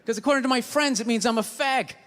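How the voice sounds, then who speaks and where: A man doing a stand-up comedy routine, ranting loudly, swearing and acting out voices in his stories. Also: extremely high pitch, fast, long reverb tail, background noise.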